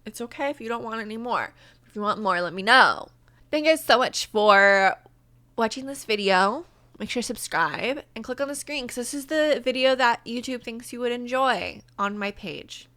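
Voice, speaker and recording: A woman's voice: fairly high pitch, animated, normal speed, bright, forceful tone, no echo. A woman YouTuber reading a story aloud and breaking off for self-mocking asides.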